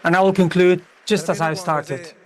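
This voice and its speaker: A man in his sixties giving a slow, emphatic rally speech. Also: high voice, fairly even intonation. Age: 60s. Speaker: political speaker.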